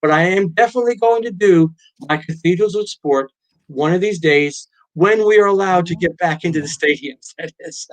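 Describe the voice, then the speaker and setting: In a casual interview, the middle-aged author-pilot guest spins animated stories and voices the quotes himself. He speaks at a normal speed with a voice that sits high.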